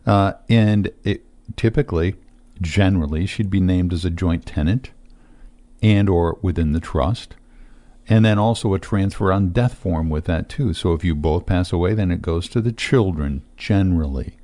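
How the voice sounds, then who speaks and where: A middle-aged man, a financial advisor, explaining estate matters in casual talk-show chat, steady with frequent fillers. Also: deep voice, normal speed.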